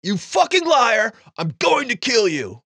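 A volatile, enraged young man, as a storyteller acts him out, screaming loud and raw, his voice pushed high with fury. The sound is dry and close. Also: wildly swooping pitch, unhurried, vocal fry, slightly rough, dry recording, full character voice. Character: furious crying young man, volatile, threatening.

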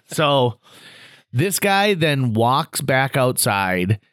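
A man hosting a podcast, telling an anecdote in a casual chat and acting out other people's lines with quick asides. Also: mid-range voice, very animated, fairly bright tone, no room sound, clean studio sound. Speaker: podcast host.

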